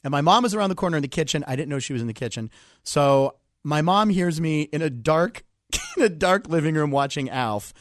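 A man's voice: fairly high pitch, a little fast, no echo, studio quality. A man in his forties from the Pittsburgh area, a comedian telling a story as a guest on a talk show. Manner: animated, acts out voices in his stories. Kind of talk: casual storytelling.

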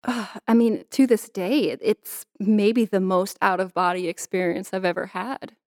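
A woman's voice: medium pitch, fairly even intonation, normal speed, no echo, studio quality. A young adult woman, an author, reading her memoir in an earnest, intimate way and answering interview questions.

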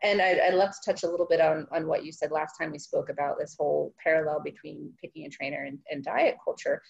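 A woman hosting a casual interview, talking about dog training with halting restarts. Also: deep voice, fairly even intonation, creaky, highs cut off. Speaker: host.

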